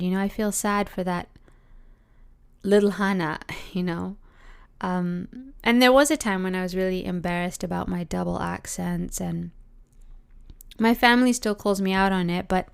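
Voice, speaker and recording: Reflective Canadian woman with a gravelly edge. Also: medium pitch. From Britain. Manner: musing, many "like"s and restarts, soft laughs. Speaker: podcast host. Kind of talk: reflective solo podcast monologue.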